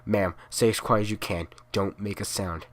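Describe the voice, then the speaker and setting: A man playing a steady police officer. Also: lowish voice, normal speed, close to an everyday voice. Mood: firm. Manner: steady, firm, procedural. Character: calm male police officer on a call.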